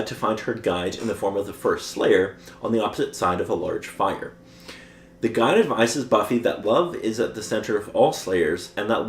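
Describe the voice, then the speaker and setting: A man with a somewhat low voice recaps a show's plot for his podcast co-hosts, chuckling often. He talks in a relaxed, casual way. The sound is echoey, with a faint hum underneath. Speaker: podcast co-host recapping episodes.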